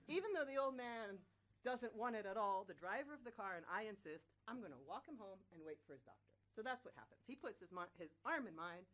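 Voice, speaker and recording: Lively woman telling a story. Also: mid-range voice, fairly quick. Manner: lively, self-mocking, casual swearing. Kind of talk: live personal storytelling.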